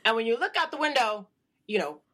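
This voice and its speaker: A woman's voice: fairly high pitch, very animated, fairly quick, background noise. A woman doing an impression of a brash, confident female comedian, talking in a boastful, swaggering way. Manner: swaggering, boastful street-style talk.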